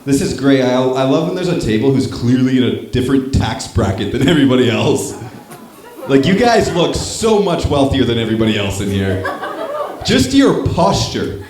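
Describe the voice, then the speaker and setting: Very animated and speaking at a normal speed, this young Northern Ontario comic has a medium-pitched voice. On stage at a comedy club with a live crowd in an echoey room, he works the audience, swearing casually and mocking himself.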